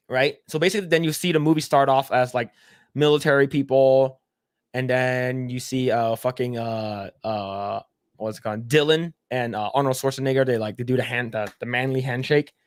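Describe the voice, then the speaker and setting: A man's voice: mid-range voice, a little fast, no room sound, studio quality. A man hosting a casual podcast, reading chat comments aloud and rambling with frequent swearing and laughter. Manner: rambling, profane, laughs often.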